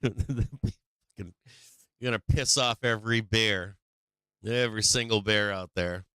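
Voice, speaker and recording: A man's voice: lowish voice, steady tone, takes it slowly, sharp tone, clear, resonant tone, dry recording. An older man hosting a stock market livestream, talking casually with lots of swearing and laughter. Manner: profane, laughing, rambling.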